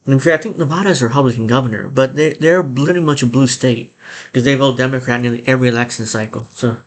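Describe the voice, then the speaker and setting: A man giving casual reaction commentary on a video, blunt and animated, swearing and laughing as he talks. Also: medium pitch, fast talker. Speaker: YouTube commentator.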